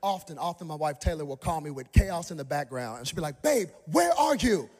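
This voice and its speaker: A man in his thirties preaching a sermon, telling a personal story in an animated way and jumping into high, excited voices when he acts out the people in it. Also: fast talker. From Dallas, Texas. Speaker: pastor. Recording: long hall reverb.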